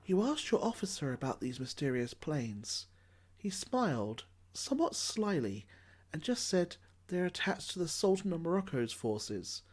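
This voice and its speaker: A man's voice: fairly high pitch, big pitch swings, measured pace. Wry man narrating history. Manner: wry, sardonic asides.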